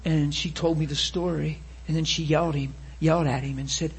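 A man preaching a sermon testimony, telling a story with emotion and swinging from loud bursts to hushed passages. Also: on the high side, fairly even intonation, a little fast, slightly rough.

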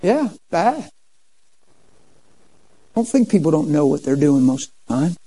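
Preacher in his 50s, warm, slightly high voice, animated testimony. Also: a little slow, slightly rough, poor audio. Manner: animated storytelling, acts out quoted dialogue. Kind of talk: sermon testimony.

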